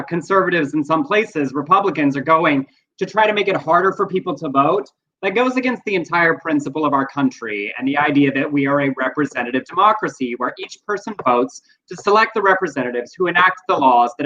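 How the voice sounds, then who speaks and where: A man with a Texan accent co-hosting a casual livestream chat, reading out viewer comments. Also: a little high. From Texas. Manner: reads viewer comments aloud, chatty and animated. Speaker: co-host. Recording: dull lo-fi stream audio.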